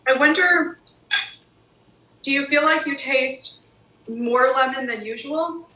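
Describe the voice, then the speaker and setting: A woman's voice: high voice, takes it slowly, bright, forceful tone. A woman co-hosting a cooking show, chatting casually and gushing enthusiastically about the food she is tasting. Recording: echoey room, mic at a distance.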